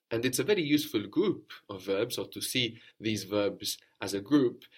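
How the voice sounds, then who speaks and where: Male language tutor, fairly low-pitched, patient, explains grammar and echoes the student's answers. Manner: patient, prompting, repeats answers and confirms. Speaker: language teacher. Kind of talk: guided language lesson.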